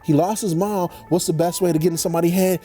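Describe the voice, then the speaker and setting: A young comedy vlogger retells a movie as a comedic rant, slangy and animated, dropping into quick character voices. His voice sits high, with faint music in the background.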